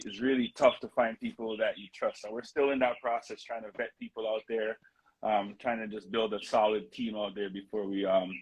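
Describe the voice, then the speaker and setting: A man's voice: lowish voice, background noise. A man guest, talking earnestly about his real estate projects in a casual interview and often repeating words as he speaks. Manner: repeats words while he finds them, plain and earnest.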